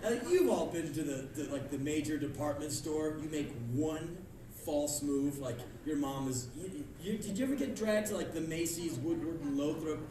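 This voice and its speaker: Animated male spoken-word storyteller, high, lively voice, echoey club miked from afar with crowd. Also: normal speed. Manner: animated, bursts into yelling and acted-out screams. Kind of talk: live comic storytelling. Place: live club stage before an audience. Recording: echoey club heard from far off, with crowd and noise.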